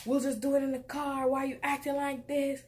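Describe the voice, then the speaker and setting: A woman mimicking a pushy man she dated, in a pleading, defensive and nagging tone, a little higher than her own voice. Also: level tone, fairly quick, lightly acted. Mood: whiny.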